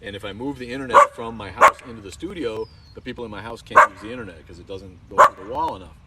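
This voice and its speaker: A man's voice: mid-range voice, huge pitch swings, fast, very noisy. Bantering man outdoors, distant phone mic. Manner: bantering, slips into put-on accents. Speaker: podcast host. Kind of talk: live-stream chat outdoors. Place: outdoors by train tracks.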